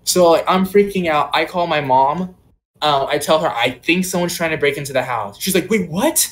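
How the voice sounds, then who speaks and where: A young man tells a long story from his own life to friends on a casual podcast. His voice sits a bit high for a man, and he rambles along with plenty of "like" and "um" fillers. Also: moderate pace, a bit bright. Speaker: podcast co-host.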